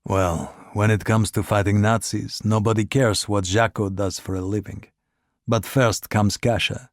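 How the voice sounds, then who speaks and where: A man voicing an obsequious, educated male agent who talks smoothly and persuasively, pressing with questions. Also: on the low side, fairly even intonation, a little slow, no room sound, studio quality.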